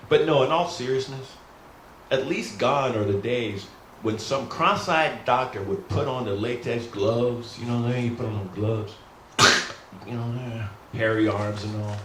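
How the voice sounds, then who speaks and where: A man's voice: mid-range voice, a little slow. A middle-aged man rehearsing stand-up comedy in a rambling, self-deprecating way, often calling out to the folks. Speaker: new stand-up comic. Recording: roomy echo, faint hum.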